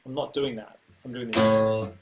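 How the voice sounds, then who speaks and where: A man teaching music in a casual way, stepping through rhythms by voicing them on repeated syllables with loud and soft accents. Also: mid-range voice, fairly even intonation, a little slow. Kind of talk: casual instructional talk.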